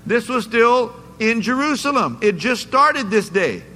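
Male pastor, sermon, emphatic, questions the congregation, high pitch, ringing church echo. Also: pushed and bright. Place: church sanctuary. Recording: echoey church hall, faint noise.

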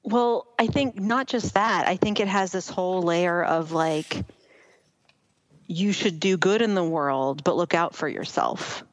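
A woman's voice: fairly low pitch, unhurried, poor audio. A woman co-hosting a book podcast in casual chat, explaining her points thoughtfully and with enthusiasm. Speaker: podcast co-host.

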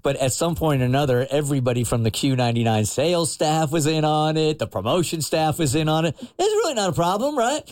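A man hosting a morning radio show, telling stories in a relaxed chatty way and checking in with "right?". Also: on the high side, quick pace, few pauses, dry recording, clean studio sound. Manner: laid-back storytelling with frequent "right?". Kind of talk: casual morning radio chat.

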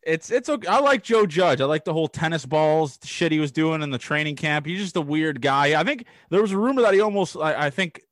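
A man's voice: on the high side, animated, fairly quick, hardly any pauses, fairly bright tone, dry recording, studio quality. A young man from Toronto hosting a casual chat, enthusiastic and prone to big, sweary praise. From Toronto, Canada. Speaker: podcast host.

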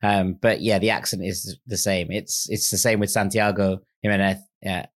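A man's voice: low-pitched, steady tone, moderate pace. A man co-hosting a casual fan podcast, talking things through thoughtfully and hedging his points. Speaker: podcast co-host.

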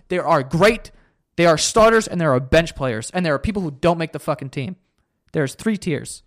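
A man's voice: on the high side, animated, normal speed, no room sound, studio quality. A young man hosting a solo podcast, ranting in a heated, profane and sarcastic way. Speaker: podcast host.

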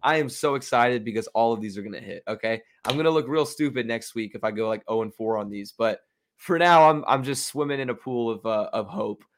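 A man's voice: medium pitch, a little fast. Chatty young man picking football bets. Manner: chatty, confident, self-mocking. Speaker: sports betting podcast host. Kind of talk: casual solo commentary.

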